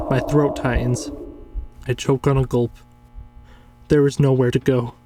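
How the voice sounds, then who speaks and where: A man's voice: mid-range voice, mellow. Man narrating a tense horror tale. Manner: tense, measured first-person storytelling.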